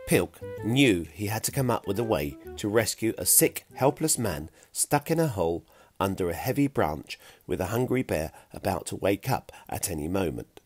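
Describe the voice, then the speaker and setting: A man narrating a children's storybook chapter with an animated, expressive reading. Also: lowish voice, normal speed, breathy edge, soft background music.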